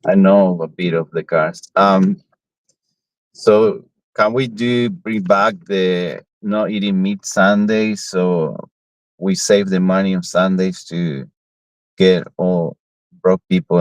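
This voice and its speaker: Low-voiced man asking halting questions. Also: steady tone, a little mellow, no room sound, low-quality recording. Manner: halting, unsure English, asks simple questions. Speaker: live streamer. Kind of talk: casual chat.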